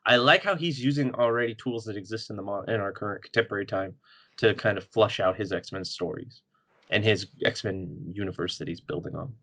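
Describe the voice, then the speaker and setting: A man's voice: fairly low pitch, brisk, a bit bright. A man co-hosting a podcast, chatting animatedly about comics, laughing often and acting out quotes. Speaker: podcast co-host. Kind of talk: casual comic book chat.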